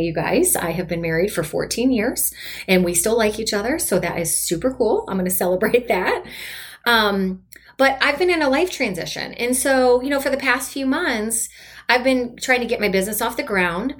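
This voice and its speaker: A woman in her forties talks straight to her podcast listeners as a coach. She sounds upbeat and enthusiastic, with a chatty manner and a voice of middling pitch. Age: 40s. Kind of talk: solo motivational podcast talk.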